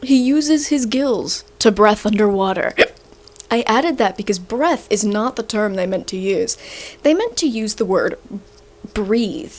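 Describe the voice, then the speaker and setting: A woman's voice: mid-range voice, a little slow. A young woman hosting a video, ranting in a casual, sarcastic and rambling way, a little short of breath. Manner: animated, sarcastic, rambling with fillers. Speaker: video host. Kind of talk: casual rant to camera.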